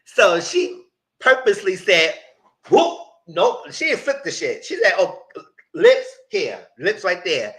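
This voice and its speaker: Animated man with a bright voice. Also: slow. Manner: animated, breaks into high shrieks and laughter when excited; acts out quoted lines in voices. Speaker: reality TV recapper. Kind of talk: live recap commentary.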